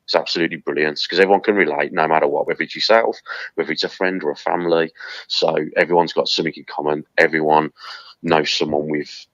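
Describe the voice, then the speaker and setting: Deep-voiced matey man, dull dry sound. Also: fairly even intonation, fast talker, a bit bright, no echo. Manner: matey, encouraging, says mate a lot. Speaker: podcast guest. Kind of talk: casual chat.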